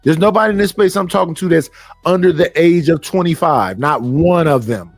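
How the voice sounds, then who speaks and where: A man's voice: a little high, fairly quick, dry recording, soft background music. A middle-aged man, hosting a live stream and ranting bluntly and profanely, preaching at his listeners. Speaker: stream host. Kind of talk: casual live-stream rant.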